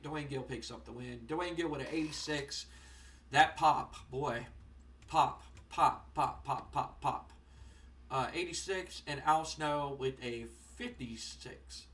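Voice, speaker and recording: A young man casually commenting on a wrestling management game, rambling with lots of fillers and getting excited. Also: fairly high pitch, recorded from a distance. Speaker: gaming channel host. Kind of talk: casual let's-play commentary.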